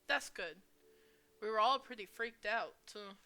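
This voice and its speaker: A woman voicing a tired, caring teenage girl who gently prods her friend in a game voice-over. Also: medium pitch, a little slow, clear, resonant tone. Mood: relieved. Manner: gently prodding.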